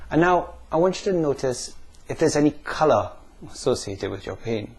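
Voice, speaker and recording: A man leading listeners through a guided pain-visualization exercise, asking slow, calm questions with pauses. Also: on the high side, creaky, breathy edge. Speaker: NLP practitioner.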